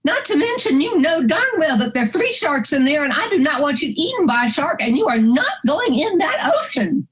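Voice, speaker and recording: A woman's voice: sits high, big pitch swings, measured pace, very noisy, pitched above the performer's own voice. Woman putting on a bossy, fretful older wife. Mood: scolding. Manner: bossy, scolding, fond of "honey". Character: fussy protective older wife on a beach.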